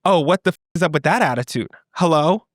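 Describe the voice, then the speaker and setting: A young man hosting a solo comedy podcast, chatting in an animated, sassy way and joking with plenty of swearing. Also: on the high side, fast talker, dry recording, clean studio sound. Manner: animated, sassy, reacts and jokes freely with swearing. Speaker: podcast host.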